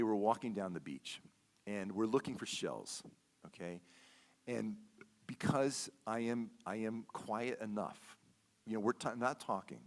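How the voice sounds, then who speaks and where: A man giving a sermon as a guest speaker, telling a personal story in a conversational way, repeating words and often checking in with "okay?". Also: fairly low pitch. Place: church sanctuary.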